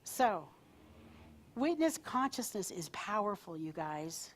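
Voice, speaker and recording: A woman minister with a mid-range voice delivers a live sermon at a spiritual center, speaking slowly with big swings in pitch. Her manner is conversational and playful, full of asides to the congregation.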